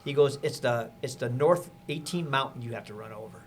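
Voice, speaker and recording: A man, a podcast guest, telling a lively story in casual conversation and acting out the people he quotes. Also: medium pitch, fairly quick, a little hiss or hum. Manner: animated, acts out quotes with laughter.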